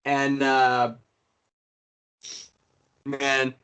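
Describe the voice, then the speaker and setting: A man co-hosting a casual podcast chat, retelling moments with excitement and energy. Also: medium pitch, very slow, clean tone. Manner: excited storytelling, acts out quotes. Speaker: podcast co-host.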